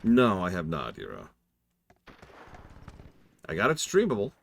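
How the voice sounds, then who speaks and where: Wry deep-voiced man streaming a game. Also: wildly swooping pitch, a little slow, creaky, fairly bright tone, a little hiss or hum. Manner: wry, self-deprecating, rambling. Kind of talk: casual game commentary.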